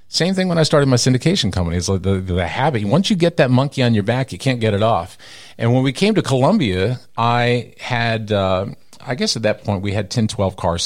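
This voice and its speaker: Middle-aged texas guy, low-ish voice, animated storyteller doing the voices of people in his stories. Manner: animated storyteller who acts out quoted people with big pitch jumps. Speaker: radio personality, interview guest. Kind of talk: storytelling in an interview.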